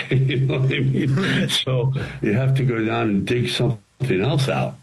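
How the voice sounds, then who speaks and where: A man's voice: medium pitch, measured pace, rough recording. An older man, an actor and writer, telling rambling anecdotes in an interview and acting out quotes along the way. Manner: rambling, animated storytelling with acted-out quotes.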